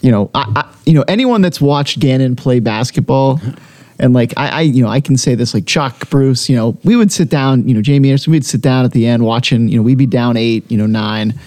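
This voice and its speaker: A man's voice: medium pitch, brisk, a little mellow. A man hosting a casual group chat, rambling with lots of fillers, speaking into a headset. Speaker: podcast host.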